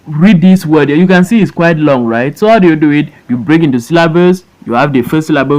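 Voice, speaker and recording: A man's fairly high, slightly mellow voice carries this online phonics voice-over, a slow classroom lesson where he stretches out words syllable by syllable and repeats them for learners. He talks fairly quickly with hardly any pauses, and the recording is rough.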